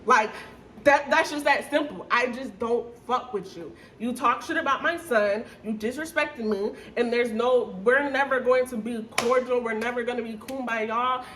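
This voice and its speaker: A young woman with a high voice tells a storytime to her viewers, blunt and animated, swearing freely. A faint hum sits behind her. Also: a little slow. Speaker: storytime vlogger.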